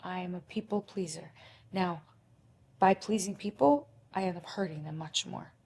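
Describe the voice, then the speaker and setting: A woman's voice: lowish voice, moderate pace, darkish tone, slightly rough. A young adult woman speaking as a podcast guest, candid and emotional, acting out her own inner thoughts aloud.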